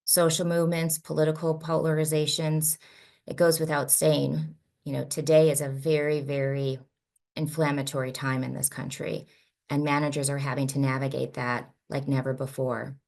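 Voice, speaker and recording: Woman, middle-aged, deep voice, gravelly, storytelling conference talk, emphatic, rhetorical questions. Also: level tone, normal speed, darkish tone. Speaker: leadership speaker and executive coach. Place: conference session room.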